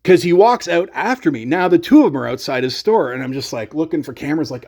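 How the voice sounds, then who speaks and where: A man telling a casual story as a rant on his gear channel, sarcastic and animated. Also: fairly high pitch, quick pace, hardly any pauses.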